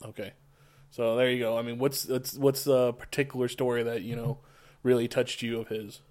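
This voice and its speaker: A man's voice: medium pitch, little pitch movement, moderate pace, a little mellow. A man hosting a podcast in casual chat, easygoing and a little hesitant as he steers the talk. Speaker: podcast host.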